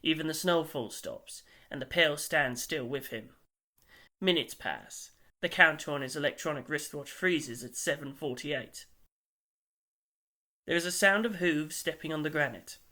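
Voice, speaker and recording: A man reading a story aloud as an audiobook narrator, in a measured and wry manner. His voice sits a little high and sounds bright and forward.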